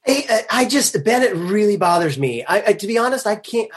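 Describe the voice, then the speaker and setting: A man guest on a podcast, chatting in a halting way with stammered restarts. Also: high-pitched, very animated. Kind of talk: casual chat.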